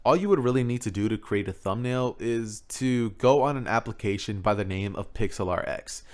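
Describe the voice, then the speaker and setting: A man's voice: fairly low pitch, normal speed. A man talking in a laid-back, rambling way, with fillers and self-mocking asides, as he explains his video-making process in a casual tutorial. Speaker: YouTuber. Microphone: XLR studio microphone.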